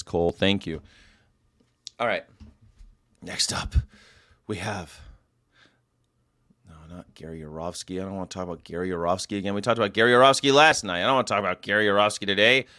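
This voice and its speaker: A man's voice: fairly low pitch, a bit bright, smooth, dry recording, clean studio sound. A man hosting a casual daily chat show, rambling through history notes with jokey asides and side remarks to viewers. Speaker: host.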